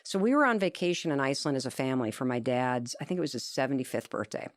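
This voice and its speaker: A woman's voice: rumbling low, fast talker, no room sound, clean studio sound. A woman telling an earnest, emphatic story as a guest in an interview conversation. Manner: animated, acts out quoted dialogue.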